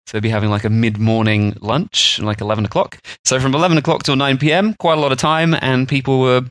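Male co-host, mid pitch, rambling and chatty, dry close sound. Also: steady tone, fast talker, a bit bright, no echo. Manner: rambling, chatty storytelling with fillers. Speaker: podcast co-host. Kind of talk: casual explanatory chat.

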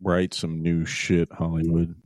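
A man's voice: low voice, monotone, unhurried, darkish tone, no room sound. A man co-hosting a casual geek podcast, joking and crude in his talk. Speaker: podcast co-host. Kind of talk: casual chat.

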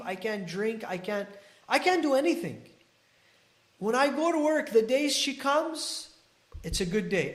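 A man's voice: extremely high pitch, reverberant, pitched above the performer's own voice. A man voicing a desperate, lovesick young male gardener who pleads in an agitated way.

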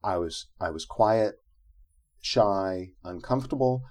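A man's voice: on the low side, takes it slowly. A middle-aged man, an interview guest, telling a personal story in conversation and acting out the quotes in it. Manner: animated, acts out quotes from his own story.

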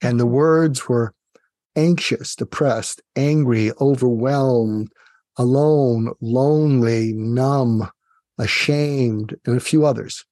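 A man with a warm, relaxed tone tells a story on a conversational interview show. He speaks as a psychiatrist guest, engaging and direct. His sound is dry and close, with no room around it. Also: mid-range voice, takes it slowly, no echo. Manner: vivid, addresses host directly, engaging.

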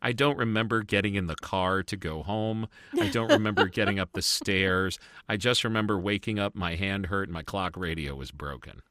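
A middle-aged man co-hosting a casual review podcast, telling stories in an animated, chatty way. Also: sits low, moderate pace, no room sound, studio quality. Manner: animated, tells stories with lively asides. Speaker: podcast co-host. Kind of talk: casual chat.

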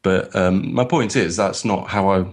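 A man's voice: sits low, unhurried. A man co-hosting a podcast in a casual, rambling, self-mocking way, with many fillers and restarts. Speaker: podcast co-host.

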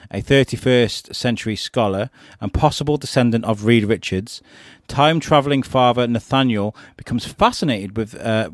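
A man hosting a casual podcast about a TV show, speaking excitedly to his listeners and swearing now and then. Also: medium pitch, no room sound, clean studio sound. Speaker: podcast host.

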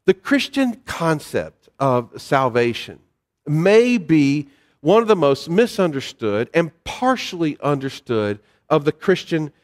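A man preaching a sermon as pastor, relaxed and conversational, with fillers and personal stories. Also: a little high, slow pace, long reverb tail.

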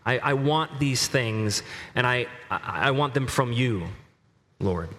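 A middle-aged male preacher giving a sermon, earnestly reading scripture aloud with slow emphasis. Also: mid-range voice, animated, a bit bright, in a large hall, a little hiss or hum.

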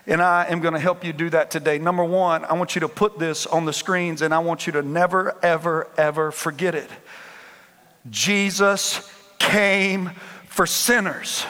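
Emphatic man preacher with a high, bright voice; a church hall rings behind him. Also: fairly even intonation, normal speed. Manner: emphatic, repetitive call-and-response preaching. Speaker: pastor. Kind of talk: preaching a sermon. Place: church sanctuary. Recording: long hall reverb.

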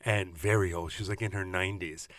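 Animated storytelling man on a podcast. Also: sits low, fast, no room sound. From New York City. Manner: storytelling, animated, laughs at own stories. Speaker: podcast co-host. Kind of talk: casual chat.

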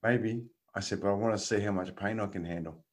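A man's voice: fairly low pitch, brisk. A man, a guest casually telling a story and laughing through it. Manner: animated, laughs through his stories.

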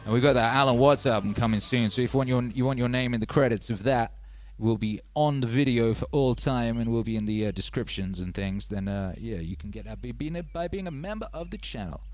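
A man hosting a live stream, chatting in a relaxed, rambling way and giving shout-outs to his viewers. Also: medium pitch, brisk, few pauses, faint music behind. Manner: laid-back and rambling, reading out chat shout-outs. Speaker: livestream host. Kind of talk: casual live-stream chat.

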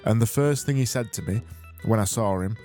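A man's voice: lowish voice, a little fast, dark tone, soft background music. A man hosting a casual solo podcast, rambling, self-mocking and sweary, on a close mic. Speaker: podcast host.

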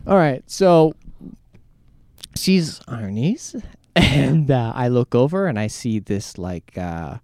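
Animated, crude man telling a story. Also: medium pitch, slow pace, no room sound, clean studio sound. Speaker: podcast co-host. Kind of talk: casual podcast chat.

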